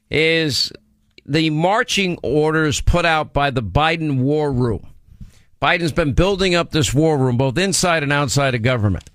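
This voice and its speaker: A man hosting a political talk radio show, pressing his points with emphasis and wandering between them. His voice sits slightly high for a man. The studio sound is close and dry. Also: fairly bright tone, dry recording. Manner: emphatic, digressive, teasing banter.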